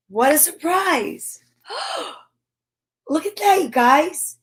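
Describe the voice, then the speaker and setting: Woman, high voice, unhurried, playful storytime reader, animal noises. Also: lively intonation. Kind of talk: reading picture books aloud to kids. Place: home studio.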